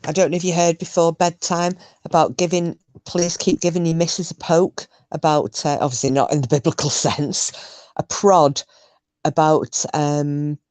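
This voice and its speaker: A woman's voice: deep voice, little pitch movement, normal speed, a little mellow, no room sound. A woman from Scotland chatting casually on a livestream, rambling and answering viewers' comments. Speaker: livestream host. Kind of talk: casual chat with live chat viewers.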